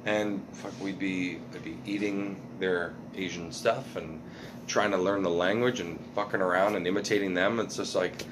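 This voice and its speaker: Male comedian guest, low register, loose filler-heavy delivery with swearing. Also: steady tone, normal speed, noisy background. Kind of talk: casual podcast chat.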